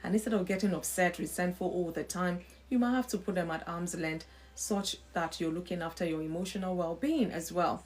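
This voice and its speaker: A woman's voice: on the low side, brisk, few pauses. A woman hosting a live stream, giving an earnest faith-based talk. She repeats her points, asks rhetorical questions and greets viewers by name as she goes.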